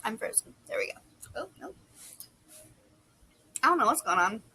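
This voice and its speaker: A young woman chatting casually and rambling on her front porch, a little hoarse from losing her voice. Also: a little high, sing-song, racing, sharp tone, rough recording. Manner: chatty, rambling, self-deprecating. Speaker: book vlogger. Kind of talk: casual chat. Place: covered front porch outdoors. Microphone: phone camera.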